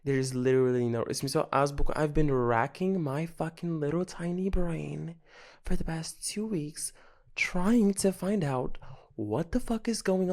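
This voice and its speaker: A man's voice: on the high side, a little mellow. A young man hosts his own podcast alone, venting without a script in a theatrical, self-mocking way. He swears freely and piles on the drama with a wry edge. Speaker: podcast host. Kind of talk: casual solo podcast rant.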